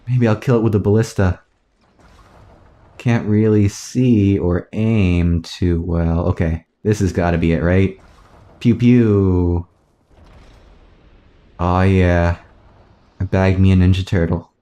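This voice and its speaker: Low, slow-talking man musing over gameplay. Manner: rambling, musing aloud with soft self-mocking asides. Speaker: let's play gamer. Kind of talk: casual gameplay commentary.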